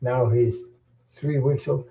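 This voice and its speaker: Middle-aged male host, warm relaxed voice, rambling easy chat with chuckles and restarts. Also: medium pitch, takes it slowly, gravelly, low-quality recording. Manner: rambling, chuckling, repeats words. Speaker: tarot channel host. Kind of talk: casual chat.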